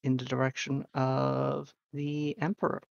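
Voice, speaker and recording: A man narrating as game master, halting with many ums, his allergies acting up. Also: mid-range voice, completely flat delivery, gravelly, no room sound. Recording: dull, dry lo-fi mic.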